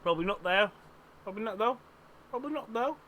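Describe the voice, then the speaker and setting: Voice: medium pitch, expressive, fast talker, a bit bright, a little hiss or hum. A streamer commentating a live game in a put-on mix of Cockney and Australian accents, rambling and repeating phrases with self-amused asides.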